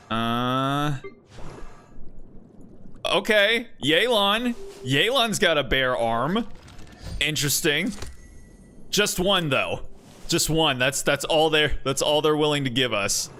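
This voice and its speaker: Young man, game streamer, casual rambling chat, slow, bright voice. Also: on the high side, expressive, slight background noise. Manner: rambling, laid-back, with many fillers and restarts. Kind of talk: casual chat while gaming.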